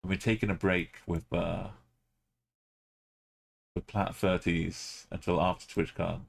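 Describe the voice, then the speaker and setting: A man's voice: low voice, level tone, a little slow, gravelly. A man streaming a game live, thinking aloud as he plays and chatting with his viewers.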